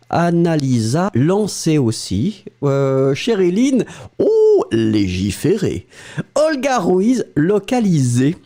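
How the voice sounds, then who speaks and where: French-accented male teacher, slow and warm-toned, very animated pitch, encouraging. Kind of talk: live-stream language lesson, reading viewer answers.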